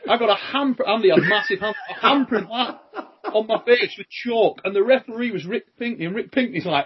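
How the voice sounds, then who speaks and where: A British man hosting a podcast, telling lively stories, acting out quoted lines and swearing freely. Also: high voice, a little fast, breathy edge, lo-fi sound. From Britain. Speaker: podcast host and armwrestling champion. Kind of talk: casual chat, storytelling.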